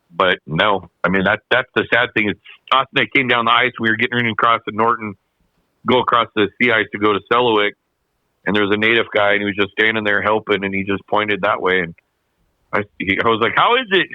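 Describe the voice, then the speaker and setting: A man with a lowish voice tells a long, animated story over a podcast mic, loose and slangy, often doubling back on his own words. The sound is dull and dry, with no room around it. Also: fairly quick, no echo. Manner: animated, slangy, repeats himself. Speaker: podcast guest, snowmobile racer. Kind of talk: casual storytelling.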